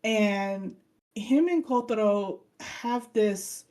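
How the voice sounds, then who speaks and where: A woman co-hosting a relaxed online chat show, her voice dark and mellow at a middling pitch. She retells stories with energy and jumps into quick impressions of the characters as she goes. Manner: animated storyteller who acts out characters' lines. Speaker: podcast co-host. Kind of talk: casual chat, retelling an anime plot.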